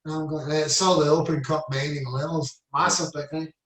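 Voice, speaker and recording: This older Scottish man, a retired footballer in his seventies, is an interview guest spinning rambling anecdotes full of "I said" and "you know." His fairly high voice keeps a fairly even intonation at a brisk clip. It's casual storytelling captured in an echoey room from a distant mic, giving a roomy sound.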